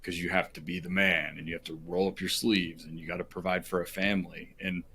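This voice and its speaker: Podcast guest, male, very low and flat voice, earnest and rambling with lots of fillers, faint hiss behind. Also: fairly quick. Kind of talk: emotional personal storytelling.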